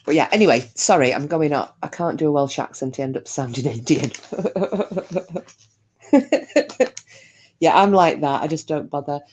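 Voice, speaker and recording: A woman with an Australian accent and a low voice hosts a casual live stream. She chats with her viewers and answers them by name, breaking into giggles often. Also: normal speed, long pauses, a little mellow, husky.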